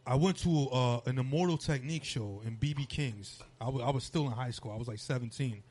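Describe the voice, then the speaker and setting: A man talking as a podcast guest in casual hip-hop chat, animated and laughing, with frequent stumbling restarts. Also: medium pitch, fairly quick.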